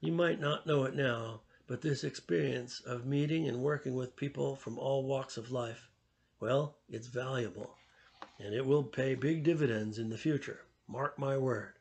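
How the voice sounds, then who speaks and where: Man reading as a kind dad giving advice, measured, gravelly. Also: mid-range voice, darkish tone. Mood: fatherly. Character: middle-aged father, kindly and wise.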